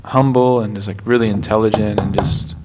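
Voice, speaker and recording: A man in casual conversation, speaking in a relaxed way with lots of fillers. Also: on the low side, brisk, background noise.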